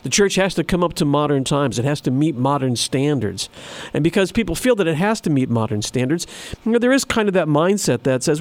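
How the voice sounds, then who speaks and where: A man's voice: on the high side, lively intonation, a little fast, no echo. A man preaching a sermon in an earnest, emphatic way, repeating phrases for stress. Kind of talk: sermon with scripture reading.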